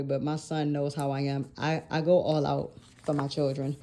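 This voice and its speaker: A woman in her thirties talks through her planner decorating in a loose, rambling way, often correcting herself and laughing between thoughts. Her voice sits low and mellow, and the whole thing feels like an easygoing chat. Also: moderate pace. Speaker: planner vlogger. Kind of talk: casual chatty vlog narration.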